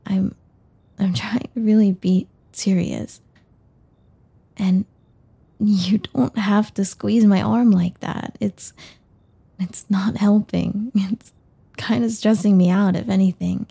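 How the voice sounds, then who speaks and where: A woman's voice: medium pitch, fairly even intonation, takes it slowly, creaky, dark tone, breathy edge, exaggerated voice. A young woman voicing a shy, nervous young woman in an audio role-play, talking hesitantly and stumbling over her words with many restarts.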